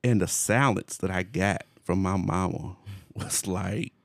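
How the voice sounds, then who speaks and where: A man in his forties telling a story in casual chat, animated, laughing often, with slangy phrasing. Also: sits low, measured pace, creaky, no room sound, studio quality. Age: 40s.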